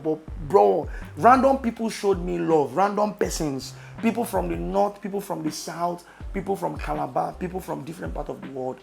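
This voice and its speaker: Young man, Nigerian accent, vlogger, animated storytelling, slightly high voice, faint music underneath. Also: creaky. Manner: animated, with loud exclamations. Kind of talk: casual storytelling to camera.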